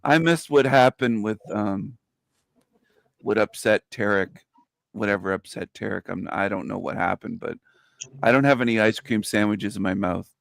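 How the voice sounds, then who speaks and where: Gravelly-voiced man teasing on a panel. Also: lowish voice, normal speed, no room sound. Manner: teasing, laughing. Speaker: panel guest. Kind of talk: casual panel chat.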